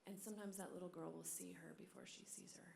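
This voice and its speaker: Woman, conference speaker, animated storytelling, soft whispered moments, roomy echo, faint background hum. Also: lowish voice, fast, gravelly. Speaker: religious sister and conference speaker. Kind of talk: sermon. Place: large hall. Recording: echoey hall.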